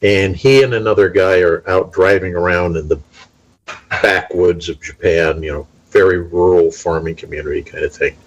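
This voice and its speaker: A middle-aged man in casual conversation, telling stories in a measured, unhurried way. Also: sits low, fairly even intonation, low-quality recording. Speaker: talk show participant. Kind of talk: casual chat.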